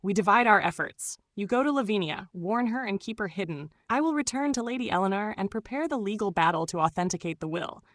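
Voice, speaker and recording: A woman voicing a brilliant male detective who speaks in a crisp, decisive way. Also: mid-range voice, expressive, a little fast, few pauses, no room sound, clean studio sound, close to an everyday voice. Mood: urgent.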